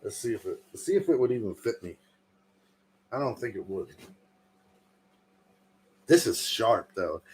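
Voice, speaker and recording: A man's voice: fairly low pitch, big pitch swings, unhurried, pauses often, a little hiss or hum. A man in his thirties chatting casually and joking on his own livestream, swearing and laughing often. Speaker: livestream host.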